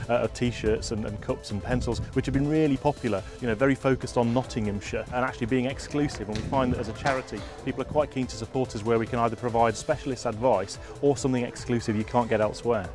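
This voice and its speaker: A man's voice: mid-range voice, steady tone, fast, hardly any pauses, over music. A man from a charity explaining its products in an interview. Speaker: charity representative. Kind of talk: interview answer.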